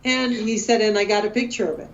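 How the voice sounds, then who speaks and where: A middle-aged woman and guest researcher telling a story with emotion and excitement, often quoting herself. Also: mid-range voice, quick pace, dull audio. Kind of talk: animated storytelling interview.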